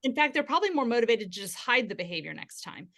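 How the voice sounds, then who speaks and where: A woman guest on a podcast interview, explaining parenting ideas in a steady, instructive way. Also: a little high, fast talker. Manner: acts out gentle parent quotes.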